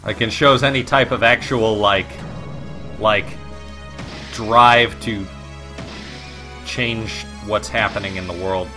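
With game music in the background, a man comments on his gameplay in a loose, rambling way, cracking jokes, cursing and mocking himself. His pitch is fairly low and fairly even, and he talks slowly with long pauses.

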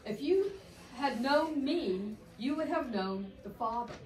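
A gentle, solemn man speaks slowly and tenderly to his troubled friends, as a woman storyteller voices him. The voice sits a little high and unhurried. It is heard from a distance in a roomy space with a faint hum behind. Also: lively intonation. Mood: comforting. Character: gentle, solemn male teacher comforting friends.

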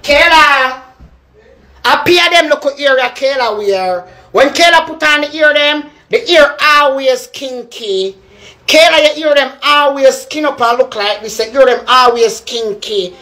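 A woman's voice: sits high, a little slow, bright, forceful tone. A young woman with a Jamaican accent ranting in a live video, calling someone out again and again with heated, repetitive jabs. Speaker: social media personality.

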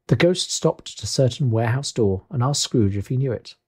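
Guy reading a classic book aloud, mellow husky voice, steady expressive storytelling. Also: mid-range voice, brisk. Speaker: audiobook reader. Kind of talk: audiobook narration.

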